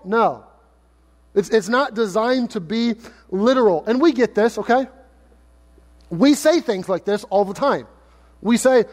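A pastor preaches with a high, bright-edged voice, chatting with the crowd and cracking jokes between points. His words ring out in a long hall reverb. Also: moderate pace. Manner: conversational, joking, rhetorical questions. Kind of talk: sermon.

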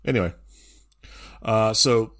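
A man's voice: lowish voice, slow, a bit bright. A man in his thirties co-hosting a podcast, talking in an easygoing, hesitant way. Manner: easygoing, hesitant, many fillers. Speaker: podcast co-host. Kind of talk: casual chat.

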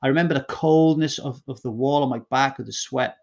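A man's voice: medium pitch, a little fast, vocal fry, a little mellow. Middle-aged man, mid-range voice, blunt guest telling raw stories, emphatic, swears freely. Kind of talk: candid personal storytelling.

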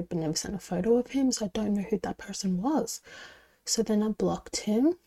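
A young woman telling a storytime on her podcast. Her voice sits at a middle pitch with a soft, mellow tone, and she talks in a loose, chatty way, filling her sentences with "like" and sometimes dropping to a whisper. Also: a little fast, vocal fry, breathy edge. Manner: chatty, heavy use of "like", drops into whispers. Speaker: podcast host. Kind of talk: casual storytime.

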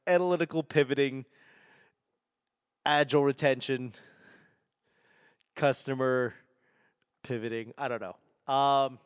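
In a dry recording, a forty-something comedian from Boston, New England, delivers a rambling solo podcast monologue full of sarcasm and self-mockery. His faint Boston accent comes through a medium-pitched, steady voice at a measured pace, broken by long pauses.

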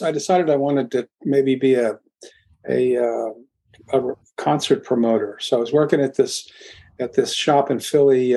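An older man from Philadelphia, a guest in an interview, telling his story in a rambling, halting way with many restarts. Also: mid-range voice, warm tone. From Philadelphia, USA. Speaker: guest, music producer.

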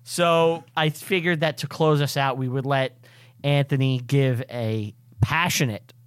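A man's voice: mid-range voice, fairly even intonation, a little slow, clean tone, dry recording, studio quality. A man hosting a casual podcast chat, joking around with crude humor. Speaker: podcast host.

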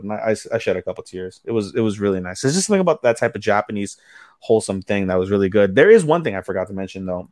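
A man with a low voice talks through anime plots for his podcast, loose and swearing freely, leaning on plenty of fillers. The sound is dry and close, with no room around it. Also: a little mellow, no echo. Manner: loose, profane plot recapping with many fillers. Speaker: podcast co-host. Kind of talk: casual anime review chat.

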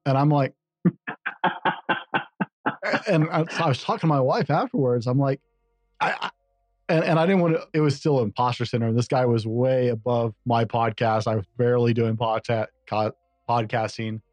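A man's voice: mid-range voice, brisk, darkish tone, no room sound. Chatty male podcast host, dry sound. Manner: chatty, self-deprecating, acts out quotes. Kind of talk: casual conversational interview.

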